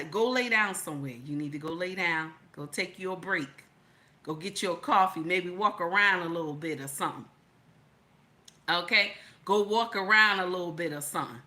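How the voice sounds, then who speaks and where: A woman voicing her middle-aged husband, a calm man who talks slow, gentle and reassuring. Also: mid-range voice, pitched below the performer's own voice. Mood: soothing.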